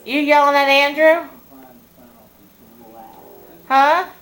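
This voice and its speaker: A woman's voice: high-pitched, fairly even intonation, very slow, a bit bright, poor audio. A woman using playful, teasing baby talk toward a pet at home. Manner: playful teasing sing-song.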